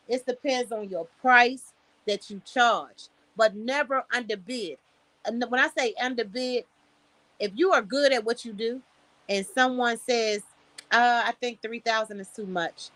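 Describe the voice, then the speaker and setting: Blunt, bright-voiced woman streamer. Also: on the high side, no room sound. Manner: blunt, profane, preachy advice with storytelling. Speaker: livestream host. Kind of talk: casual livestream talk. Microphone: streaming setup, close mic.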